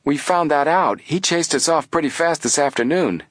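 A man voicing an eager, excitable teenage boy detective in an audiobook. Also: fairly high pitch, moderate pace, no echo, clean studio sound, pitched above the performer's own voice, natural voice.

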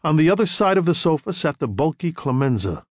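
A man narrating an audiobook chapter in a measured storytelling manner, acting out the dialogue. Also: a little high, big pitch swings, a little mellow, no room sound, clean studio sound.

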